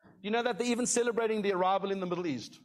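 Male pastor, middle-aged, high voice, chatty sermon style that keeps asking "okay?". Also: rapid-fire. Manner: conversational, repeats "okay?" to the congregation.

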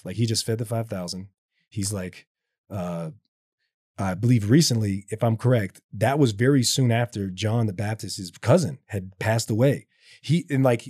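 A man's voice: lowish voice, darkish tone, dry recording, clean studio sound. Earnest rambling man talking faith. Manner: earnest, rambling, many "like"s and restarts. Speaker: guest speaking about faith. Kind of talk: casual faith conversation.

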